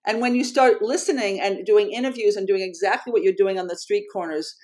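In a brisk, mid-range voice, a middle-aged woman who researches and writes recounts a story during an interview. She comes across as earnest and animated, restarting often.

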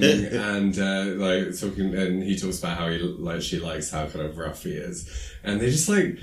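A man with a very low voice casually retells a film scene by scene. He rambles with plenty of fillers and jumps into high, squeaky voices for the characters. The room around him is echoey. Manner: rambling, filler-heavy storytelling; acts out quoted lines in high squeaky voices. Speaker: podcast co-host recapping a film. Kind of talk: casual chat.

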